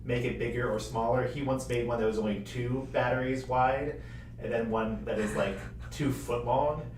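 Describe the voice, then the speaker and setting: A man's voice: medium pitch, moderate pace, far from the mic. A man co-hosting a live stream, talking casually and hesitantly with many fillers. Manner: relaxed, hesitant, many ums. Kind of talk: casual chat. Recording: roomy, off-mic, noisy.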